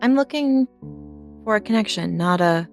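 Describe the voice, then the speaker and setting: A woman's voice: medium pitch, lively intonation, normal speed, over music, lightly acted. A woman voicing a charming, easygoing young male duke in a tabletop role-play, speaking in a genteel, reassuring way.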